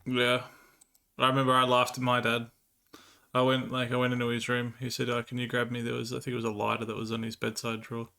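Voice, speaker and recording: A man with a bright, forward voice chats on a livestream, rambling through crude stories between laughs. His pitch sits mid-range, and he reads and answers chat in a loose, casual way. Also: completely flat delivery, quick pace, vocal fry.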